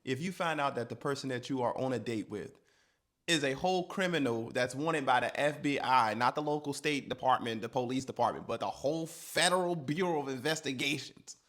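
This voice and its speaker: A man hosting a storytime channel, giving quick chatty commentary with a light teasing edge. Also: mid-range voice, fairly bright tone. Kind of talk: casual commentary.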